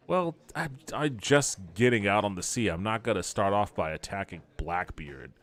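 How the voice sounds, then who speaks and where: A man's voice: on the low side, animated, normal speed, hardly any pauses, a bit bright. A man hosting a podcast, casually commenting on a video game and reading its text aloud with wry asides.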